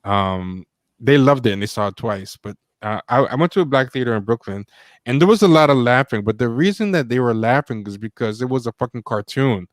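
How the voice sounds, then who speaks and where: A man's voice: mid-range voice, brisk, no echo. A man co-hosting a casual livestream discussion, reading quotes aloud and reacting with lots of fillers. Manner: animated, reads quotes aloud, many fillers. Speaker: podcast co-host.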